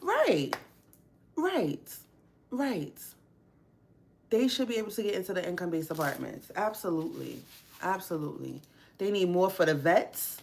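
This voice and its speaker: A woman's voice: fairly low pitch, lively intonation, brisk, gravelly, slight background noise. Blunt, swearing woman ranting on a livestream. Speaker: livestream host. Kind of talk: casual livestream chat. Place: home workspace.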